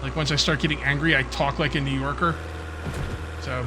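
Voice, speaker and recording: A man's voice: medium pitch, fairly even intonation, a little fast, pauses often, background noise. A man from Central New Jersey with a New Jersey accent, chatting casually as he plays a game, thinking aloud with restarts and fillers. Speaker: gaming channel host. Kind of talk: casual let's-play commentary.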